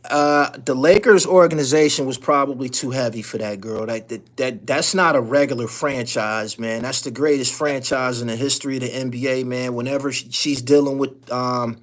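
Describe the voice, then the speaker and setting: A man's voice: medium pitch, steady tone, normal speed, hardly any pauses. A man hosting a live-stream call-in show, talking bluntly and profanely in a loose, rambling way with frequent restarts.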